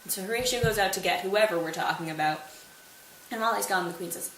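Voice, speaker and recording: A woman's voice: medium pitch, fast talker, a bit bright. A woman hosting a casual study retelling, jokey and sarcastic. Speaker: host. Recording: roomy, distant mic, faint hiss.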